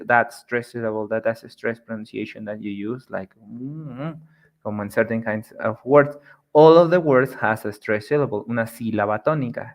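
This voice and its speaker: Man teaching, repeating words slowly. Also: mid-range voice. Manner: explains patiently, repeats example words slowly and stretched out; frequent restarts and "eh" fillers. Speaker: language teacher. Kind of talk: casual video lesson.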